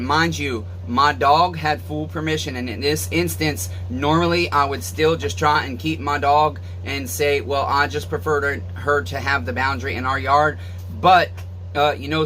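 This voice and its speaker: A man's voice: mid-range voice, pushed and bright, slight background noise, low-quality recording. A man casually telling a long personal story to his viewers, rambling with many fillers and asides. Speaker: vlogger.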